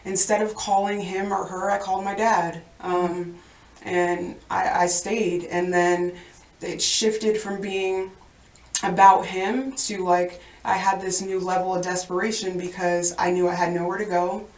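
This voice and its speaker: Woman guest, low flat voice, halting storyteller; roomy far-mic sound. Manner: halting, many restarts and ums. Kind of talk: personal recovery story.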